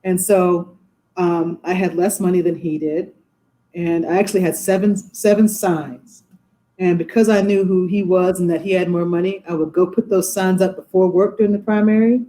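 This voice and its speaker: A woman in her forties, a judge, telling stories in an animated way on a video call from her courtroom. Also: lowish voice, moderate pace, rough recording. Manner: animated, acts out quoted voices. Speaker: judge, interview guest. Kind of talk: casual storytelling in a podcast interview.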